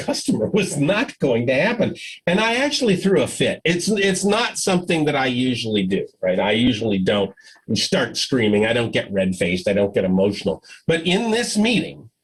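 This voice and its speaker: A man's voice: mid-range voice, normal speed, breathy edge, low-quality recording. A man giving a conference talk by video call, telling stories and acting out dialogue with frequent laughs. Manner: animated storyteller, acts out dialogue, laughs often. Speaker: conference speaker.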